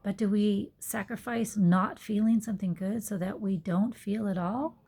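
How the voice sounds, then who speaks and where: A woman's voice: mid-range voice, fairly even intonation, normal speed, gravelly, husky. A woman yoga teacher talking earnestly into her phone in a reflective personal monologue, sometimes dropping to a whisper. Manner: earnest, soft-spoken, drops to whispered asides.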